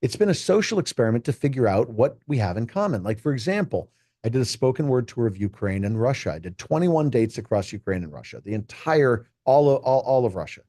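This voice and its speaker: A middle-aged man, a keynote speaker, talking casually in an interview and telling stories with animated, acted-out quotes. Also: mid-range voice, a little fast, dry recording, studio quality. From United States.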